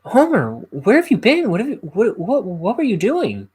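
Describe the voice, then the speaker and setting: A man's voice: huge pitch swings, normal speed, a little mellow, breathy edge, heavily acted. A man putting on the voice of a worried middle-aged cartoon housewife, pressing with anxious questions. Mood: worried questioning. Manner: high, pleading questions.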